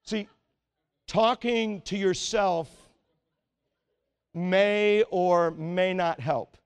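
A male pastor preaching a Sunday sermon in an earnest, exhorting way, often dropping to a quiet, intense tone. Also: sits high, very slow, clean tone.

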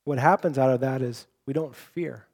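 A man's voice: mid-range voice, moderate pace, a little mellow. A young adult man preaching a sermon, earnest and personal, often restarting with repeated words. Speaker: pastor.

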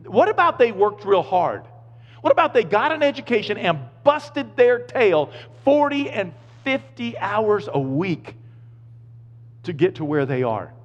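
A male pastor preaching a sermon, swinging from loud, emphatic points to quiet, low asides. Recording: echoey hall, slightly dull sound.

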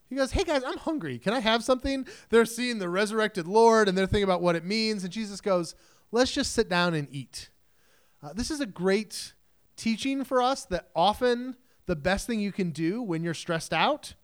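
A man's voice: high-pitched, smooth. A man preaching a sermon in a casual, conversational way, mixing scripture reading with chatty asides. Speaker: pastor.

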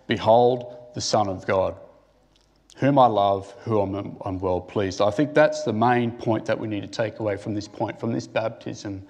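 A man's voice: medium pitch, creaky, a little mellow. A man giving a conversational sermon who asks his listeners questions and thinks aloud with restarts. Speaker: preacher.

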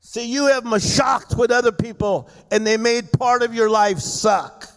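Rousing the congregation with call-and-response, a middle-aged man preaches fervently as a guest at a church service. He speaks a little slowly in a very high voice with fairly even intonation, and the sound echoes like a hall.

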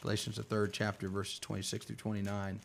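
A man's voice: on the low side, completely flat delivery, fairly quick, creaky, a little hiss or hum. A man teaching from scripture, reading verses aloud in an earnest Bible study discussion.

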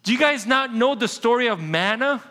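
A man preaching a sermon as pastor, an animated storyteller who slows down to stress key points, in a church sanctuary. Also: very high voice. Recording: long hall reverb.

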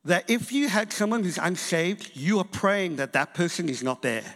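A man with a high voice preaches a sermon, telling a story and acting out the people in it. His voice rings out with a long reverb from a large church hall. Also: normal speed. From England and South Africa. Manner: animated storytelling preacher, acts out quotes.

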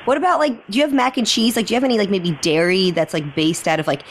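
A woman's voice: medium pitch, fast talker, slight background noise. A woman on a comedy podcast making prank phone calls, rambling and giggly with lots of "like.". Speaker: podcast guest and prank caller. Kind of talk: prank phone call banter.

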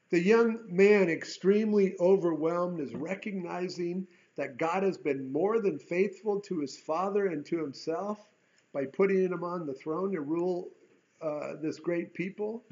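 A man's voice: high voice, measured pace, darkish tone. An earnest male preacher delivering a sermon, his slightly raised voice climbing into emphatic bursts and circling back over the same words. The recording is dull and lo-fi. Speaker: pastor.

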